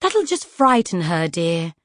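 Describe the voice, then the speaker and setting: A woman voicing a gentle, ladylike encyclopedia of flowers with a sweet, placid way of talking. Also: fairly low pitch, big pitch swings, slow, no room sound, clean studio sound, exaggerated voice. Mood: soothing. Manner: placid, soothing.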